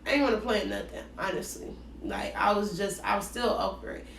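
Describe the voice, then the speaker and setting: A woman telling a dating story in a casual, slangy, animated way, acting out both sides of the conversations. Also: mid-range voice, brisk, vocal fry, distant mic, a little hiss or hum. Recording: roomy echo, voice set back from the mic.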